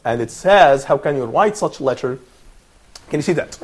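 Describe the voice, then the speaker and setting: A man's voice: fairly high pitch, animated, moderate pace. A man presenting a TV lesson, patiently explaining letters step by step and repeating sounds for others to copy. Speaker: TV presenter and Arabic teacher. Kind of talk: teaching pronunciation on a TV panel.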